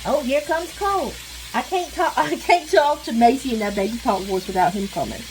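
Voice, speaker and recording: A woman's voice: sits high, animated, moderate pace. Chatty woman venting over sizzling pan. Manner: chatty, venting, rambling with sighs. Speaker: vlogger. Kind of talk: casual chat while cooking. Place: home kitchen. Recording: noisy kitchen with frying sizzle. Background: sizzling frying pan.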